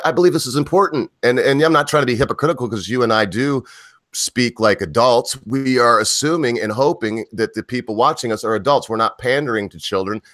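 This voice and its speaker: A man with a low voice, talking in a rambling, animated way and stopping himself mid-thought. His voice sounds dry and close, with no room echo. He co-hosts a casual chat. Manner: rambling, animated, self-interrupting. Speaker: co-host.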